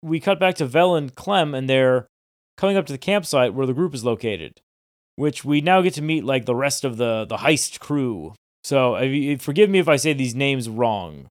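A man's voice: mid-range voice, lively intonation, moderate pace, dry recording, studio quality. A man co-hosting a podcast, narrating TV scenes in casual chat with filler words and quoted lines. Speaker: podcast co-host.

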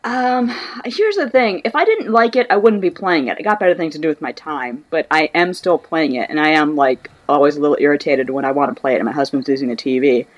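A woman's voice: deep voice, expressive, brisk, few pauses. A woman co-hosting a casual podcast chat, rambling with many fillers. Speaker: podcast co-host.

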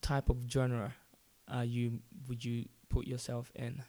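A man hosting an interview, asking steady questions and murmuring agreement. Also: medium pitch, slow pace. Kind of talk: casual interview.

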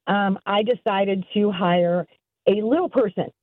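A woman's voice: medium pitch, a little slow, dry recording. Woman caller on a tinny phone line. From Tennessee. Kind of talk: casual storytelling.

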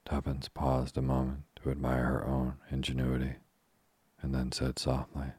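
A man reading a classic novel aloud as a calm, soothing sleep story. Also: very deep voice, breathy edge, no echo. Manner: slow, steady, soothing reading. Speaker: audiobook reader.

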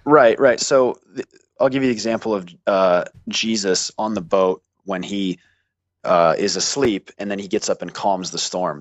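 A man's voice: on the low side, normal speed, no echo, dull audio. A man who went to seminary, explaining theology in casual conversation, thoughtful and hedging, with the odd dry joke. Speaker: guest, seminary graduate.

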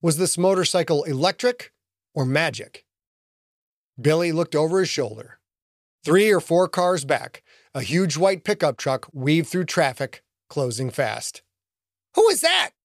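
A man narrating an action audiobook in an expressive storytelling manner. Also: fairly high pitch, measured pace, no room sound, studio quality.

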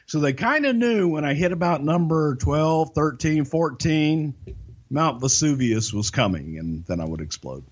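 Brief: male podcast guest, animated profane storyteller, lively pitch, muffled audio. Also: a little slow. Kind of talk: casual anecdotal storytelling.

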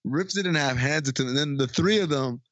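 A man with a slightly high voice talks fast as he casually recaps a comedy movie, on a dry, somewhat dull recording with no room sound. He's animated, acting out each character's lines in funny voices and frequently breaking into laughter.

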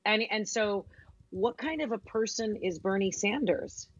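A woman's voice: medium pitch, animated, unhurried, breathy edge. Emphatic woman on lo-fi call audio. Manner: emphatic, listing points. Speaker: podcast co-host. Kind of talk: casual political chat. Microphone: remote call.

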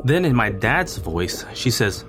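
A man delivers a scripted first-person voice-over in an ordinary mid-range voice. His telling stays measured and plain. Music runs clearly underneath. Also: medium pitch, big pitch swings. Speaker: voice-over narrator. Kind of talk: scripted narration.

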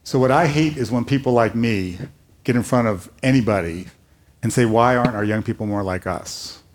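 Older man, rabbi, earnest storytelling, lively quoted asides, mid-range voice. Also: medium pitch, moderate pace. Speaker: rabbi, panel speaker. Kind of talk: live panel conversation. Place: hall before a live audience.

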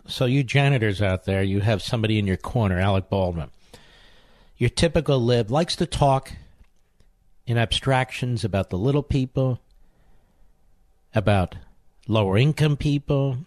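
A man's voice: mid-range voice, no echo, studio quality. A man hosting talk radio, delivering a combative monologue, mocking and sarcastic, hammering his insults through repetition. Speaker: radio talk show host. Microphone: studio microphone.

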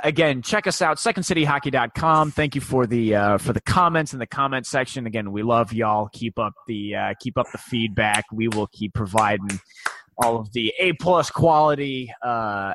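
A man's voice: mid-range voice, a bit bright, no echo. A man in his forties hosting a casual sports podcast, rambling with many fillers and restarts. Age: 40s. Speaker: podcast host.

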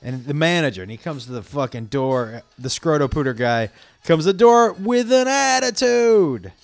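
A man's voice: fairly high pitch, expressive, normal speed, gravelly, soft background music. A man telling a long, angry story in a casual, profane way, acting out the people he quotes.

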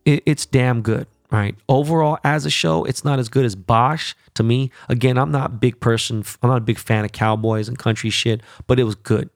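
A man hosting his podcast on his own, talking casually with a lot of swearing and animated, rambling asides. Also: medium pitch, normal speed, few pauses, no room sound, studio quality, soft background music. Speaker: podcast host. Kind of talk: casual solo podcast chat.

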